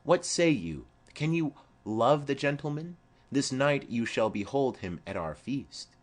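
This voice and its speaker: A man's voice: mid-range voice, expressive, pitched above the performer's own voice. A man reading the part of a stately noblewoman speaking formally to her daughter in an audiobook of a play. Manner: formal, measured.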